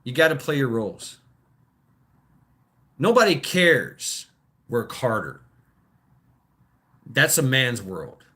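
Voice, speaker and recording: A livestream host talks in a mid-range, sing-song voice with a sharp tone, going slowly and pausing often. He rambles from point to point with confident opinions, stumbling, restarting and repeating himself. He's crude and swears freely along the way.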